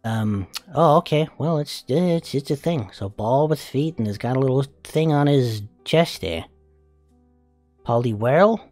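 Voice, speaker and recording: Fan-voiced brash male spider demon, crude and giggly, swoopy lively pitch, dry close sound, faint music behind. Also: unhurried, dry recording, lightly acted. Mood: amused. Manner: crude, swearing, giggly, doting. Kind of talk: comedic fan character voice reaction.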